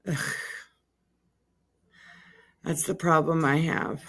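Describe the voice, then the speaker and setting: A woman's voice: sits low, steady tone, vocal fry, slight background noise. A woman hosting a live stream, chatting casually and joking while commenting on a trial. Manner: chatty, joking, drawn-out words. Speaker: livestream host commenting on a trial.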